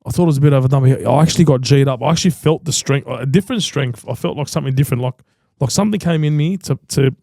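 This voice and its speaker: A man's voice: medium pitch, very fast, vocal fry, hardly any pauses, mellow, no echo. An Australian man hosting a podcast, talking in an emphatic, slangy way and repeating himself for stress. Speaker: podcast host. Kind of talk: casual chat.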